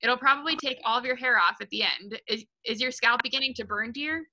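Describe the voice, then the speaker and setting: Woman reader voices a sharp-tongued mum who shrieks and scolds, high and piercing. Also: brisk, full character voice, low-quality recording. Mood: scornful. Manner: shrieking, scornful. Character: shrill scolding mother, snobbish and sharp-tongued.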